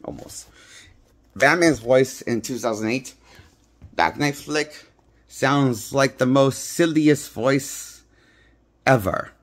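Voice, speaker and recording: Rambling movie critic, a man in a mid-pitched voice, blunt, talking into his phone. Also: slow, long pauses. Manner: rambling, blunt, repeats himself. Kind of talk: casual vlog movie review. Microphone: handheld phone.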